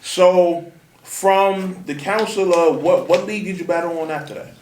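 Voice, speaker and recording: A man hosting a podcast interview, laid-back and quick to answer with "okay". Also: high-pitched, steady tone, darkish tone, slight background noise. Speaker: podcast host. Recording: echoey room, distant from mic.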